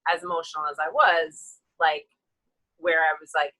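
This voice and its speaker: A woman tells a personal story in an open, emotional way, with a bright, ringing tone. She rambles a bit with fillers and slips into different voices when quoting others. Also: low-pitched, normal speed, low-quality recording. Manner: animated, acts out quoted people in shifting voices. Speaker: guest.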